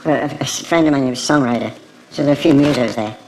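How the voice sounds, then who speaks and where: A man recalling a story in an interview, halting with stammered restarts. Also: medium pitch, a little mellow, a little hiss or hum, poor audio. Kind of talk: anecdotal interview.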